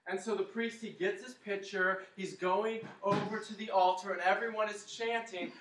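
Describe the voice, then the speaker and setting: A man's voice: high-pitched, steady tone, normal speed, hardly any pauses, fairly bright tone. A man preaching a sermon to his congregation, telling the story dramatically and leading them in a chant. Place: church hall. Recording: echoey hall, mic at a distance.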